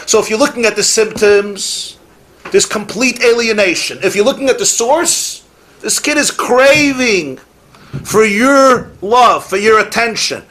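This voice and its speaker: A man's voice: sits high, lively intonation, normal speed, fairly bright tone. A rabbi giving a Torah class, emphatic and repeating his key phrases, with Yiddish and Hebrew words mixed in.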